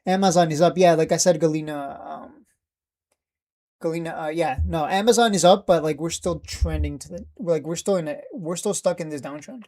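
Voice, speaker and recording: A man's voice: fairly high pitch, fairly quick, mellow. A man hosting a live trading stream, ranting bluntly and with plenty of swearing, repeating himself in exasperation.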